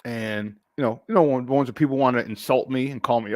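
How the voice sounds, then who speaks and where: A middle-aged man hosting a live sports talk stream, animated and emphatic, repeating his points and greeting viewers by name. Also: mid-range voice, a little fast, no room sound, clean studio sound. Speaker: sports talk show host.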